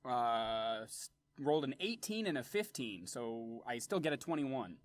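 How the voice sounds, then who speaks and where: Lively, eager man playing a tabletop game. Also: mid-range voice, unhurried. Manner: eager, stammering with repeated starts. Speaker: player.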